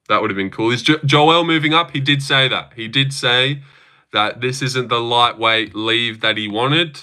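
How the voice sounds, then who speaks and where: A man's voice: mid-range voice, sharp tone. A man streaming live, answering chat in a blunt, opinionated, casual way and swearing often, while putting on a fake voice. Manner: says he is using a fake voice.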